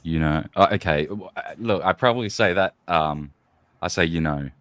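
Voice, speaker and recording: A man's voice: low voice, moderate pace, a bit bright, no room sound. A man from the United Kingdom hosting a podcast, explaining things in a rambling, casual way full of fillers. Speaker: podcast host. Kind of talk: casual chat.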